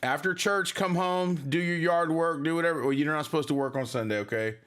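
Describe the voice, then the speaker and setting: A man's voice: on the high side, a little fast, a bit bright, clean tone. Rambling man chatting on a livestream. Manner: rambling, chatty, many fillers. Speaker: band member hosting a livestream. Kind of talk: casual livestream chat reading comments.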